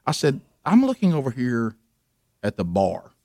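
A man's voice: mid-range voice, normal speed, no room sound, studio quality. A middle-aged man co-hosting a radio show, telling a long story in casual chat and acting out the voices of the people in it. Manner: animated, acts out voices in his story.

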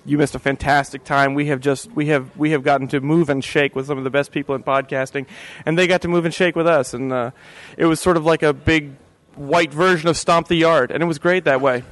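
A man's voice: fairly high pitch, fairly even intonation, brisk, fairly bright tone. A man hosting a podcast live from a convention panel, joking and theatrical in his delivery. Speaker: podcast host.

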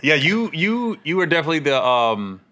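A man telling stories in casual chat, animated and acting out quotes. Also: on the high side, fairly quick, slight background noise. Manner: animated storyteller, acts out quotes. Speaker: comedian and podcast host.

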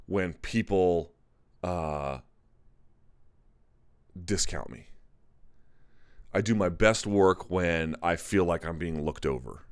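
A man with a deep, clear, resonant voice hosts an MMA live chat, giving casual live-stream commentary. He talks candidly, rambling and correcting himself as he goes, and there's no echo.

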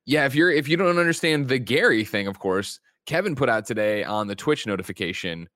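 Energetic joking male show host. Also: medium pitch, fairly quick, few pauses, no room sound, clean studio sound. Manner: energetic, joking, swears casually. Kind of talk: casual show banter and show intro.

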